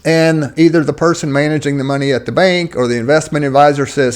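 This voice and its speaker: A man with a slightly raised pitch teaches in a casual, conversational way. He sometimes restarts a phrase while searching for a word. His tone is plain and direct. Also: steady tone, fast, few pauses. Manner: conversational, acts out quoted voices with rising pitch; occasional restarts and searching for words. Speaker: Christian finance teacher. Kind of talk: casual solo teaching talk.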